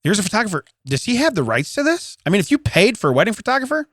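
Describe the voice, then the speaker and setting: A man with a slightly high voice that swings widely in pitch, laughing as he riffs on news stories. He co-hosts a casual comedy podcast, recorded dry and close on a studio mic. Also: very animated, racing, fairly bright tone, dry recording. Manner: laughs often, reads news items aloud with jokey asides. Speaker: podcast co-host.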